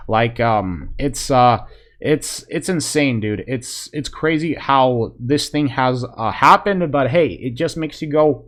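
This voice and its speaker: A man's voice: medium pitch, takes it slowly. Male vlogger, casual football reaction, rambling and hyped, mid-range voice. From Polish fan. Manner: excitable, rambling, lots of fillers like "man" and "you know". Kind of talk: casual video reaction commentary.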